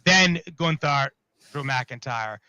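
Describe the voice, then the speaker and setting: A man's voice: medium pitch, animated, slow, sharp tone, clear, resonant tone, no room sound. A man hosting a casual wrestling talk show, rambling and correcting himself as he steers the discussion. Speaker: podcast host.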